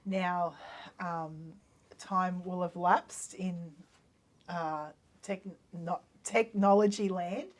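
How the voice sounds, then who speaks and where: A woman's voice: fairly low pitch, fairly even intonation, drawn-out words. An Australian woman hosting a casual faith podcast, chatty and hesitant with many fillers and easy laughs. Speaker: podcast host.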